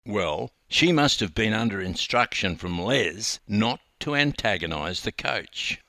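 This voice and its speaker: An older Australian man, a former swim coach, reading his own memoir aloud with wry, animated storytelling. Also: lowish voice, measured pace, no room sound, studio quality.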